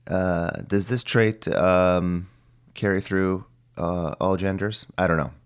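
A man's voice: sits low, steady tone, takes it slowly, smooth. A man in his forties with a phlegmy voice that cracks now and then, musing aloud in a rambling, casual solo monologue. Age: 40s. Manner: rambling, musing, mildly profane. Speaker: podcast host.

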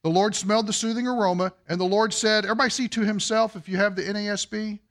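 A man preaching a sermon to a congregation, asking them questions and swinging between loud emphasis and hushed, quiet lines. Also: sits high, fairly even intonation, quick pace. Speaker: pastor.

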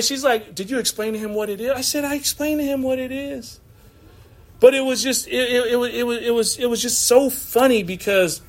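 Man, pastor, sermon, high voice, chatty, laughs a lot. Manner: conversational, laughing often, acts out quotes.

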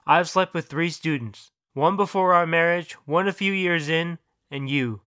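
A storyteller voicing a gloomy, unfaithful husband who speaks low and mournfully. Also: measured pace, fairly bright tone, clean tone, no room sound, clean studio sound, lightly acted. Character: gloomy, cheating middle-aged husband.

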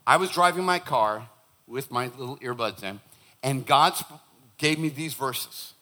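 A man who is a pastor preaching a sermon in church, animated and joking, acting out the voices he quotes. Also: mid-range voice, unhurried.

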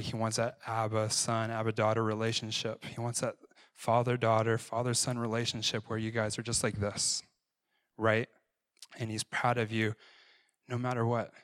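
A man's voice: on the low side, fairly bright tone, dry recording. A man preaching a conversational sermon, often checking in with his listeners. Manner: conversational, frequent "right?" tag questions.

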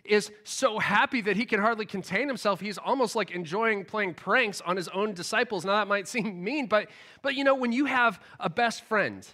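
A man giving a casual, animated Bible teaching in a storytelling way, often laughing as he goes. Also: high voice, normal speed. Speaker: preacher.

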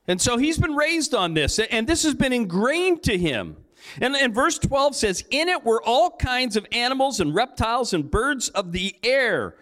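Man, lead pastor. High, lively preacher who acts out joking dialogue in his sermon. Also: moderate pace. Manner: storytelling with playful acted-out dialogue and jokes.

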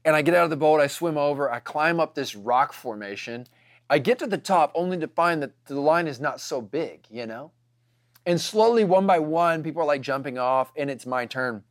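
A man's voice: a little high, expressive, normal speed, no room sound, studio quality. A man telling a casual story to his congregation, chatty and full of fillers.

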